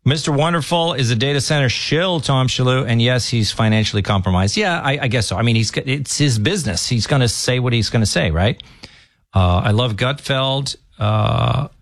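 A man's voice: mid-range voice, animated, normal speed, no echo, studio quality. A man guest-hosting a talk radio show, rambling and correcting himself as he reads listener comments. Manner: rambling, self-correcting, folksy.

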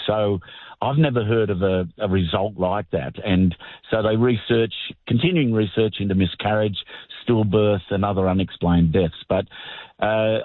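An older man with a lowish voice is a guest in a radio interview, heard over a tinny phone line with no room sound. He speaks earnestly and plainly, pausing slightly now and then.

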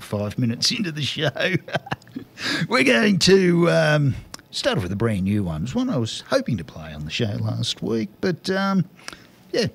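Lively radio DJ man. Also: mid-range voice, vocal fry, husky. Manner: upbeat, lively, chatty with filler pauses. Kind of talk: casual on-air music show links.

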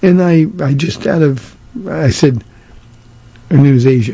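A man's voice: fairly high pitch, measured pace, long pauses, warm tone, slightly rough, dry recording. An older man, a pastor, answering listener questions on a radio show in a plainspoken way, with frequent "uh"s and repeated words. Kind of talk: radio Q&A sermon.

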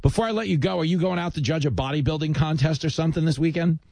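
A man hosting a radio talk show, telling stories and making self-deprecating jokes in a casual, animated way. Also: on the high side, fast talker, gravelly, no room sound. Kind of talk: casual radio chat and storytelling.

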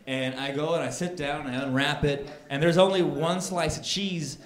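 A man doing a stand-up comedy set, telling a long complaint story that builds to indignant shouting. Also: fairly high pitch, steady tone, normal speed. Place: comedy club stage. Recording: echoey club with crowd laughter. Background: audience laughing.

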